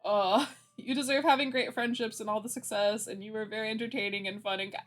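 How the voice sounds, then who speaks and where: A woman's voice: a little high, fairly even intonation, quick pace. A woman hosting a livestream, chatting casually with her viewers and laughing often between lines. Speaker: livestream host. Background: faint background music.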